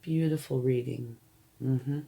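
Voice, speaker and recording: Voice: mid-range voice, fairly even intonation, takes it slowly, vocal fry, dark tone, husky. A tarot reader giving a reading to the viewer, reassuring and often checking in, thinking aloud while turning cards.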